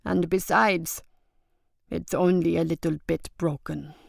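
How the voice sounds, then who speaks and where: Lady doing a banged-up warrior guy, quiet and slow, wry about it. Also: lowish voice, steady tone, creaky, dry recording, clean studio sound, full character voice. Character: wounded wry male warrior on a cot.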